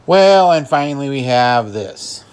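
Slow, chuckling podcast host man. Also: mid-range voice, animated, clear, resonant tone. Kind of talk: casual film recap.

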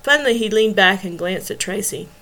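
A woman's voice: medium pitch, a little fast, low-quality recording. Woman narrating a novel chapter. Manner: steady storytelling. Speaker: audiobook reader.

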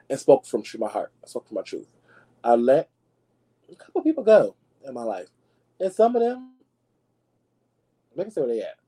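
A man hosting a podcast and dishing celebrity gossip in a sassy, dramatic way, calling his listeners y'all and jumping into high squeals to make a point. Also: mellow, poor audio. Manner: swoops into high squeals for emphasis. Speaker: podcast host. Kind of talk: casual gossip commentary.

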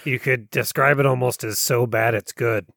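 A man's voice: mid-range voice, fairly even intonation, moderate pace, gravelly, a bit bright. A man playing a tabletop game, talking casually. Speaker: player.

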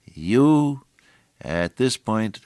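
An older man preaching a sermon, moving between hushed storytelling and raised, emphatic exhortation with slow, deliberate phrasing. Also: lowish voice, sing-song, clean tone, no room sound, clean studio sound.

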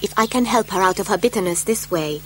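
A woman in a dubbed TV series plays a gentle, earnest young male monk. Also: medium pitch, quick pace, a little hiss or hum, lightly acted.

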